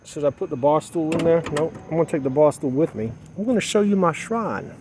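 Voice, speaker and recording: A man's voice: a little high, lively intonation, a little fast, background noise. A man talking to the camera as a mother, rambling to himself and repeating his phrases, outdoors at dusk while he sets up solar gear. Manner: repeats phrases, muttering and then rising into agitated outbursts. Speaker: vlogger in a mother persona. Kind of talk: rambling self-talk monologue.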